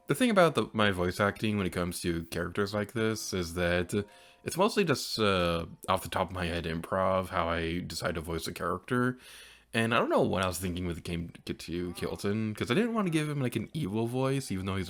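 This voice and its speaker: A man's voice: fairly low pitch, sing-song, fairly quick, fairly bright tone. A man hosting a let's play, chatting casually over his gameplay and laughing often.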